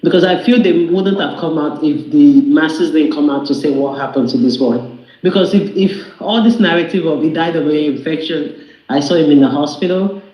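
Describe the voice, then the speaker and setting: High-voiced man, emphatic, echoey call. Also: moderate pace. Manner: emphatic, repeats himself while making his point. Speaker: panelist. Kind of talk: casual group discussion. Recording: echoey muffled online call.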